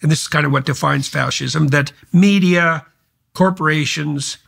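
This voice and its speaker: A man's voice: on the high side, little pitch movement, a little fast, creaky, fairly bright tone, breathy edge. A man hosting a podcast, talking in an emphatic, heated way in long run-on sentences. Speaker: podcast host. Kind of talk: casual conversational podcast talk.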